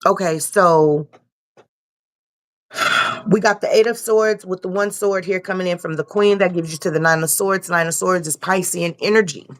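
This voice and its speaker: A woman's voice: on the low side, fairly even intonation, normal speed. A young woman giving a loose, casual tarot reading and repeating herself often. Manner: loose, repetitive, swears casually. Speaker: tarot reader.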